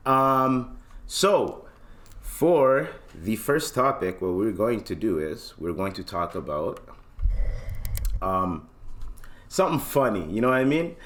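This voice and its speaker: A man's voice: fairly low pitch, big pitch swings, slow pace, pauses often, fairly bright tone. A man hosting a podcast in loose, slangy casual chat, often checking in with listeners. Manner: loose, slangy, keeps asking "you know what I mean". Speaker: podcast host.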